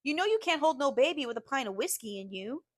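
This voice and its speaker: A woman's voice: sits high, big pitch swings, fast, voice pushed up. A woman voicing a blunt middle-aged Southern housemaid, firm and plainspoken. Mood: firm reassurance.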